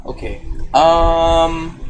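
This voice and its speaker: A man's voice: on the high side, fairly even intonation, very slow, slight background noise. A man live-streaming a game development tutorial, talking casually and thinking aloud as he works.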